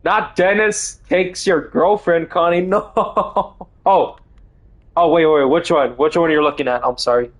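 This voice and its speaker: A man streaming a video game live, reacting excitably, swearing and shouting. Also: on the high side, a little slow. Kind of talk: live gaming stream commentary.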